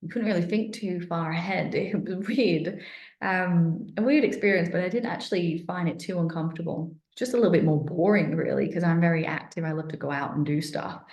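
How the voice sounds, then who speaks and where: A middle-aged woman chats through a personal account in a low, relaxed voice. She rambles and restarts, and her mouth sounds dry. The room is echoey around her. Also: brisk. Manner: chatty, rambling, many fillers and restarts. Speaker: wellness vlogger.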